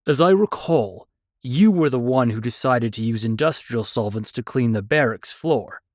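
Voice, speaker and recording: A man's voice: mid-range voice, expressive, moderate pace, no echo, clean studio sound, natural voice. A man voicing a stern, formal older male warrior mentor in an audio story.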